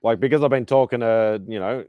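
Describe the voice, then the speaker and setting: A man hosting a casual online chat show, rambling and swearing casually between quick laughs. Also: mid-range voice, steady tone, clear, resonant tone, no echo, narrow, tinny audio. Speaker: podcast host.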